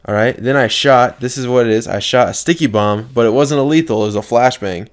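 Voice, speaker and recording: A man's voice: medium pitch, a little fast. A young man telling a story from an online game in a casual, profane vlog. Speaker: gaming video creator.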